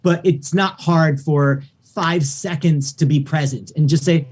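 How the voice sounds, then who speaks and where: A man, a record producer guest, chatting casually on a podcast and telling animated stories with acted-out quotes. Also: fairly high pitch, a little slow, breathy edge. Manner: animated storytelling, acts out quoted voices.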